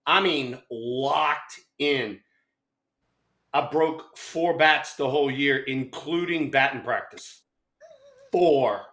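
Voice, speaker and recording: Brash, bright-voiced man. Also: medium pitch, takes it slowly. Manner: brash, profane, emphatic. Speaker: podcast co-host, former ballplayer. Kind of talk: casual storytelling.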